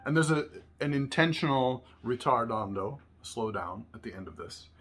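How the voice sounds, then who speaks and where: A man's voice: medium pitch, expressive, normal speed. A man teaching a music lesson, patiently explaining phrases and sometimes singing rhythm syllables. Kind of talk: instructional lesson with sung syllables. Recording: loud violin music in background. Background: violin playing.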